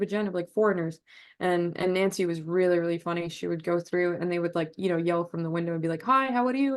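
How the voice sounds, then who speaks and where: A woman presenting a trip report in a webinar over a video call, speaking earnestly and haltingly, with many fillers and restarts. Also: lowish voice. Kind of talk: webinar talk over photos.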